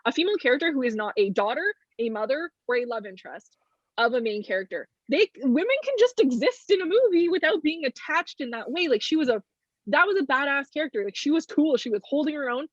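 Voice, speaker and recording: A young woman hosting a casual movie review chat, animated and sarcastic. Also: high-pitched, quick pace, no echo. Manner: animated, sarcastic, acts out characters' lines. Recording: dull lo-fi recording.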